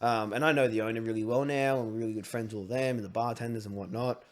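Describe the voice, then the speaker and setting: A young man, hosting a podcast and telling a story in a casual way, swearing freely and acting out shouted quotes. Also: lowish voice, steady tone, quick pace. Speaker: podcast host.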